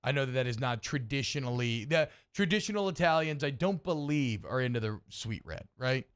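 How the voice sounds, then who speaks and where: A man's voice: medium pitch, fairly quick, clear, resonant tone. A man co-hosting a sports radio show, chatting casually and ranting with rising energy. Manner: animated, rambling, rants with rising energy.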